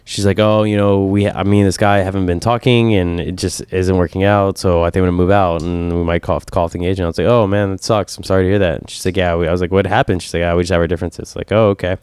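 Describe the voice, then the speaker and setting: A man on a casual podcast, telling a long story with lively swings and quoting himself in a higher voice. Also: quick pace, hardly any pauses, smooth, no room sound. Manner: animated storyteller, voice jumps up when quoting himself. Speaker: podcast co-host.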